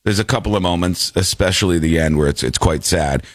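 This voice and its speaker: A man hosting a comedy podcast in casual chat, sounding a bit under the weather and slowed down, often breaking into goofy high voices. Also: dry recording, clean studio sound. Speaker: podcast host.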